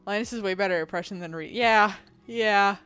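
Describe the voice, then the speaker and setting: A woman game streamer with a fairly deep voice, chatting casually with her live audience. She reads out chat messages, answers them and laughs often. Faint music plays behind her. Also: brisk, a bit bright, clear, resonant tone, no room sound. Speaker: game streamer and video editor.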